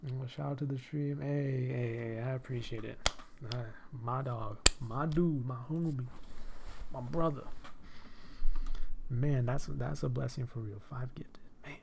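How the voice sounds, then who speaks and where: A man's voice: mid-range voice, steady tone, measured pace, gravelly, very noisy. A man hosting a live stream and podcast in casual chat, effusive, often repeating "hey" and "my dude" and laughing between phrases.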